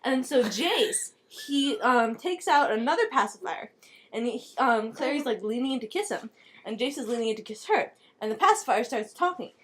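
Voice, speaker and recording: A woman's voice: on the high side, expressive, normal speed, a little hiss or hum. A young woman making up a comic story as she goes, rambling and giggly with lots of fillers.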